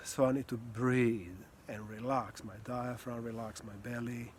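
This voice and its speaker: Calm, earnest male voice coach. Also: medium pitch, slight background noise. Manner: calm, earnest, slow with pauses, occasional sighs and soft laughs. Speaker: communication and voice coach. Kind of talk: reflective teaching talk.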